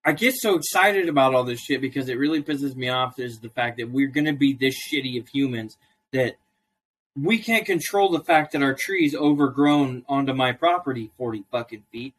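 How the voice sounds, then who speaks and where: Profane ranting man, slightly high voice. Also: slightly rough. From Idaho, US. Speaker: co-host. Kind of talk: casual podcast chat.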